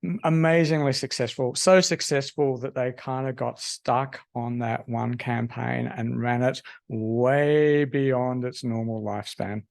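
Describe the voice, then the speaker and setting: Guy lecturing at a uni, lots of ums, medium pitch. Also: steady tone, gravelly. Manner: halting, lots of ums and restarts. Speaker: university lecturer. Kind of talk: academic lecture.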